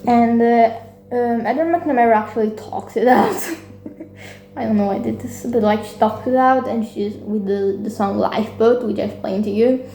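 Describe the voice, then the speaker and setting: A woman's voice: fairly high pitch, gravelly, mellow. Rambling young woman recapping a musical. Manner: rambling, swearing, with quick put-on character voices. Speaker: vlogger. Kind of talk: casual plot recap. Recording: echoey room with faint music.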